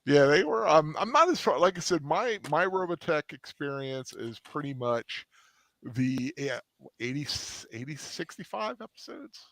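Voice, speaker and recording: A man's voice: on the high side, very animated, measured pace, fairly bright tone, no echo. Rambling, chatty male host, dry sound. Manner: chatty, rambling, many fillers and restarts. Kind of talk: casual chat.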